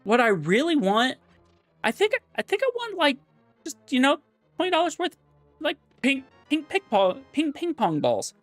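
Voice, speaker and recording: A man voicing an eager, pleading little boy in a strained high put-on child voice. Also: wildly swooping pitch, a bit bright, no echo, soft background music, heavily acted. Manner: begging, drawn-out wants.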